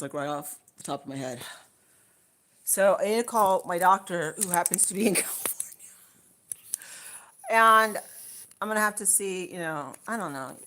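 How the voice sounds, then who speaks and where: A woman's voice: on the low side, fairly bright tone, slight background noise. A middle-aged woman chatting casually on her livestream, rambling and out of breath, thanking viewers by name. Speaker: livestream host.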